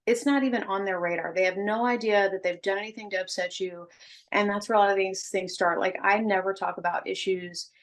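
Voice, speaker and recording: A woman's voice: medium pitch, fairly even intonation, brisk. A woman co-hosting a casual podcast, giving her opinions earnestly with many "like" fillers. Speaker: podcast co-host.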